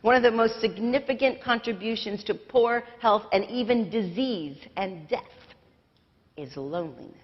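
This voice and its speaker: A woman's voice: on the high side, normal speed. A woman pastor with an American accent giving a conversational, self-deprecating sermon to her congregation in a church. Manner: conversational, self-deprecating, sings snatches of lyrics. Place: church sanctuary. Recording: dull livestream sound with long church reverb.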